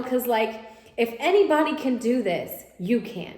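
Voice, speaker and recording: A woman giving a casual spoken tarot reading, animated and repetitive, often voicing her listener's imagined thoughts. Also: on the high side, moderate pace. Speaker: tarot reader. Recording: echoey room, faint noise.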